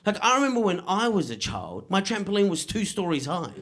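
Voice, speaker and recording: His frequent "right?" asides to the room punctuate a stand-up set full of dry, punchy delivery. The comedian is a middle-aged man whose voice is fairly high.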